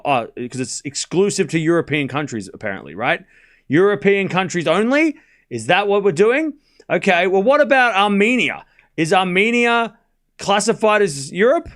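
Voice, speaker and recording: A man with an Australian accent commentating tennis on a live stream, chatting with viewers between points. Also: sits high. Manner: animated, chatty, quick play-by-play bursts.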